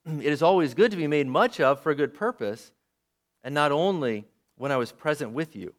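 A male preacher delivering a sermon with a lively, animated voice that swings up and down. He is fairly high-pitched for a man and keeps turning to his listeners with questions. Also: moderate pace. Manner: lively, asks the audience questions.

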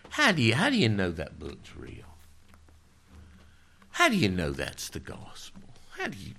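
A man's voice: on the low side, wildly swooping pitch, unhurried, vocal fry, bright, forceful tone, slightly rough, exaggerated voice. A man voicing a sly tempter spirit that whispers mocking doubts. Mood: taunting. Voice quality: whispery, taunting questions.

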